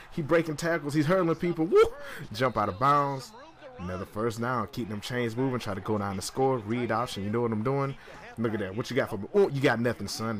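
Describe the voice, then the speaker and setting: A man giving casual play-by-play commentary over his own video game, hyped and full of slang, his voice jumping up into sudden high yelps. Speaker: gaming YouTuber.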